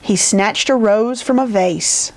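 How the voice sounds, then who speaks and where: A woman librarian reading a picture book aloud in a gentle, expressive storytelling manner. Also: medium pitch, slow pace, vocal fry.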